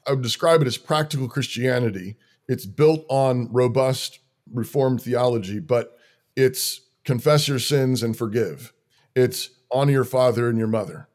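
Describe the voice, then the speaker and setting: Earnest church leader listing plain commands. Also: male voice, mid-range voice, moderate pace, darkish tone. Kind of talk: conversational interview talk.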